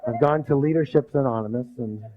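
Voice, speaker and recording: A male motivational speaker giving a live leadership seminar, drilling the audience with rhetorical questions and call-and-response, bursting loud when stressing passion. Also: mid-range voice, a little fast, slight background noise. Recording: dull lo-fi recording.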